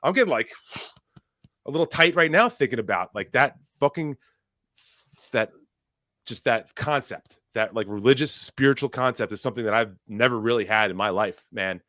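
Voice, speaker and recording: With lively intonation and a pushed, bright tone at a moderate pace, this host's mid-range voice sounds clean in the studio, with no echo. He swears freely and rambles emotionally through the casual chat, restarting often amid many fillers.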